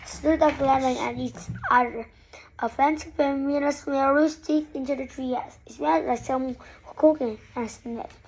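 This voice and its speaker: A woman's voice: high voice, steady tone, moderate pace, low-quality recording. A woman reading a children's story aloud, narrating expressively.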